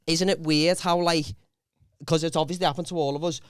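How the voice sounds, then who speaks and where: A man with a slightly raised pitch and a clear, smooth voice talks quickly in relaxed group banter. He tells stories with lots of quoted dialogue, recorded dry and close. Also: no echo. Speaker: podcast host.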